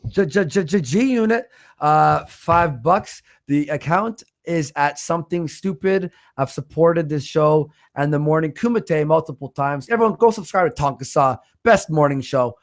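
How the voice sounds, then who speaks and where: A man hosting a livestream, reading out donations in blunt, swear-heavy casual chat, with a stutter and a voice roughened by smoking. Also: a little high, normal speed, hardly any pauses. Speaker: livestream host.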